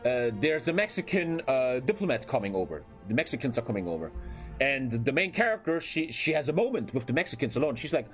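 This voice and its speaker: While playing a strategy game on stream, a young man chats casually to viewers in a rambling, profane manner packed with filler phrases. He speaks briskly in a very animated, mid-range voice. Faint music plays in the background.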